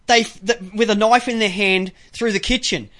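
A man's voice: high voice, moderate pace. A man with an Australian accent hosting a casual radio talk show, swearing freely and tripping over repeated words. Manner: profane, excitable, repeats words.

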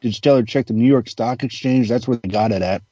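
A man chiming in during casual chat with loud reactions. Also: mid-range voice, fast, breathy edge, no room sound. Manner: loud reactive interjections and laughter. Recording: dull dry lo-fi recording.

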